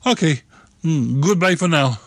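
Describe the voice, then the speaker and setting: Man as a stiff, earnest searcher, slightly high voice, dry. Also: animated, no room sound. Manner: formal, earnest, unhurried. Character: earnest, formal male searcher.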